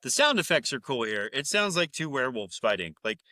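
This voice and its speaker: Bright-voiced, rambling male podcast host. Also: medium pitch, big pitch swings, brisk, no room sound. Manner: rambling, profane, laughing loudly, mimicking characters. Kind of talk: casual chat recapping a film.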